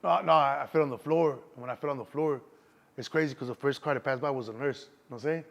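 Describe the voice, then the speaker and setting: Chicago dude talking quick, street slang, keeps saying you know what im saying. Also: male voice, mid-range voice, vocal fry, lo-fi sound. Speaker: interview guest. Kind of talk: casual storytelling.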